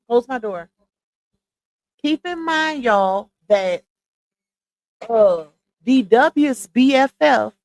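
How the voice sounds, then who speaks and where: A woman hosts a casual livestream in an unhurried, drawn-out way. Her voice sits at an ordinary pitch. The sound is dry and close, with no room around it. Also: no room sound, rough recording. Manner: chatty, addresses viewers as y'all, often pauses to find screenshots. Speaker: livestream commentary host.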